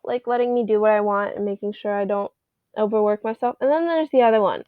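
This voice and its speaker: A young adult woman with a hoarse voice, rambling casually through a personal update from her bedroom. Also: fairly high pitch, moderate pace, pauses often, no echo. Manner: rambly, chatty. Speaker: vlogger. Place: bedroom at home. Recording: tinny, phone-like, dry sound.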